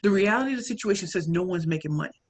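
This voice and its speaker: A woman from St. Louis with a St. Louis accent, telling a story and coaching in an animated, audience-directed way. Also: fairly low pitch, rapid-fire, breathy edge. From St. Louis, Missouri. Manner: animated, addresses audience as y'all, acts out quoted lines. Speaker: pitch coach and speaker. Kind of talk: motivational talk, storytelling.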